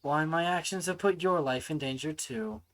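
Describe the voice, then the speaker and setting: A man's voice: on the high side, expressive, moderate pace, fairly bright tone, poor audio. A man reading aloud and voicing a treacherous male guard from a game, who is nervous at first and sneering later. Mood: bitter. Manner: panicky yelps turning to bitter gloating.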